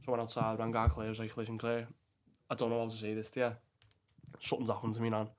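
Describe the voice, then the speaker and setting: A man's voice: on the low side, monotone, fast talker. A young man with a Liverpool Scouse accent, a podcast guest telling a personal story bluntly, swearing often and calling the listener "lad". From England. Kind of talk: emotional storytelling.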